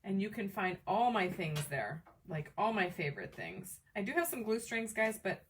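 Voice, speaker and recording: A woman hosting a live crafting demo from home, chatting with viewers by name in an excitable, chatty way. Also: mid-range voice, normal speed, distant mic, a little hiss or hum. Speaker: crafting livestream host. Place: home craft table, camera on tripod.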